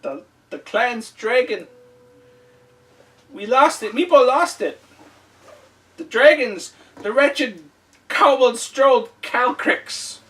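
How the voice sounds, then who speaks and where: A man's voice: lively intonation, slow, pauses often, fairly bright tone, full character voice. A man voicing a small, frightened male kobold with a weak, shaky voice. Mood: distraught. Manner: high, shaky, lamenting. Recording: distant mic, faint music.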